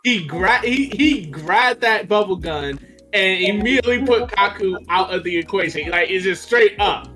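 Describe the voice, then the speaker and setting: A man's voice: high-pitched, lively intonation, normal speed, a crowd in the background. A man in casual podcast chat, talking animatedly and acting out characters' lines as he goes. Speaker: podcast panelist.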